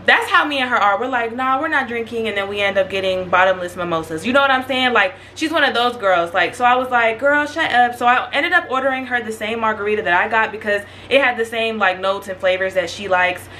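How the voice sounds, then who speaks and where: Bright, chatty young woman telling a story. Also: medium pitch, fast, hardly any pauses, slight background noise. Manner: chatty, animated, slangy, addresses viewers directly. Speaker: vlogger. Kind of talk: casual storytime monologue.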